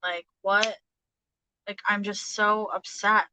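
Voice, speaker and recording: Brief: thirties woman, bright forceful tone, dry close sound, halting tarot reader full of fillers. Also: medium pitch, little pitch movement, smooth, no echo, rough recording. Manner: hesitant, halting, many fillers and restarts. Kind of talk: casual live tarot reading.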